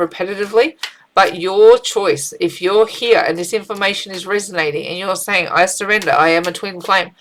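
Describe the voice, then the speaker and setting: A middle-aged woman giving a casual spiritual tarot reading, chatty and animated, with frequent fillers and restarts. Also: lowish voice, a little hiss or hum, rough recording. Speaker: tarot reader.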